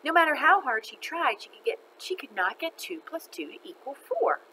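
Expressive woman reading a children's book aloud, bright voice. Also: sits high, moderate pace, slight background noise, poor audio. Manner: expressive, animated, laughs between lines. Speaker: storyteller.

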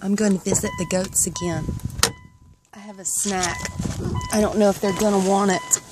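A woman's voice: medium pitch, level tone, normal speed. A woman filming herself on a farm, cooing and baby-talking to animals in a sing-song voice. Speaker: vlogger. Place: outdoors on a rural farm. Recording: loud outdoor ambient noise. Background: animals and outdoor ambience.

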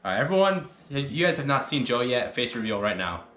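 Young male vlogger, swearing and rambling, lively delivery, echoey bedroom. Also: mid-range voice, fairly quick. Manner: rambling, swears a lot, laughs often. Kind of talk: casual vlog chat with friends. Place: indoors at home, bedroom. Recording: echoey room, faint noise.

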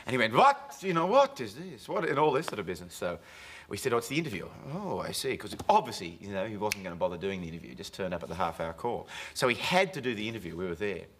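Animated man telling a comic story. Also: deep voice, very fast. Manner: animated storyteller, acts out quotes, laughs often. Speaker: comedian and talk show guest. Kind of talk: anecdotal storytelling on a TV chat show. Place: television studio. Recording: noisy 1980s TV broadcast audio.

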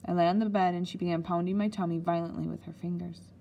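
A woman's voice: fairly low pitch, level tone, fast, gravelly, mellow, dull audio. A woman reading a children's memoir aloud at an easy pace, with a few small slips. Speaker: audiobook reader. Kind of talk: storybook narration.

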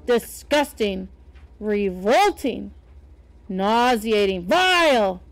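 Woman reading as an earnest cousin, emphatic, kinda high, slow. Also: very animated, exaggerated voice. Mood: disgusted. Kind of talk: storybook read-aloud.

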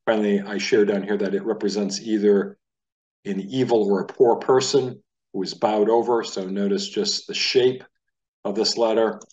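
A man from the United States teaching a casual Hebrew lesson, talking in a relaxed, conversational way and sounding out letters aloud. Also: on the low side, moderate pace, recorded from a distance, lo-fi sound.

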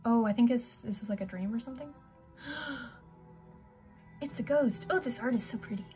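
A woman's voice: a little high, moderate pace, mellow, soft background music. A woman playing a video game, reading its text aloud with drama and breaking off with surprised exclamations. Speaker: gamer.

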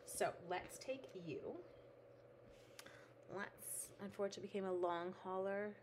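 A woman's voice: medium pitch, level tone, measured pace, background noise. A middle-aged woman hosting a craft livestream, chatting casually and talking to her materials as she works. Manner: chatty, reads out viewer comments, talks to her materials. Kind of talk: casual chat while making cards.

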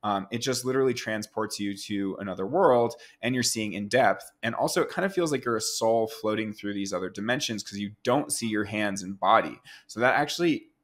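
A man in his thirties, a guest artist telling stories in a relaxed, rambling way, full of fillers. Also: lowish voice, brisk, hardly any pauses. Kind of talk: casual storytelling interview.

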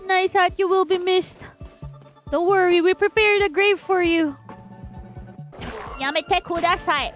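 A young woman streaming a game, swinging between mock-solemn eulogies and loud panic. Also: very high-pitched, fairly even intonation, moderate pace. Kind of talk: live game stream commentary. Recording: game music playing behind.

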